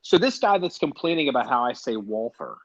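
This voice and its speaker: Very animated and fairly quick, a man with a medium-pitched, fairly bright voice hosts a casual podcast chat. He wanders off topic, curses, and often breaks off mid-thought; the sound quality is dull and lo-fi.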